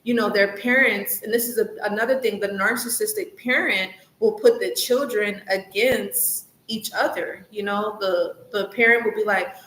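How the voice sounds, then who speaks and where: On her own advice vlog, a woman who coaches recovery from narcissistic abuse talks in a chatty, loose, earnest way, full of "like" and "you know," repeating points to encourage listeners. Her mid-range, fairly bright voice stays steady at normal speed with hardly any pauses. The room is echoey, with faint background hiss.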